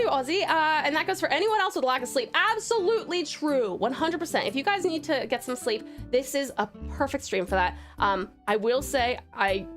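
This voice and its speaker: A woman's voice: high-pitched, a bit bright. A woman streamer greeting her chat one by one in an affectionate, doting, bubbly way, with faint music behind. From Australia. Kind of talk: casual live-stream chat.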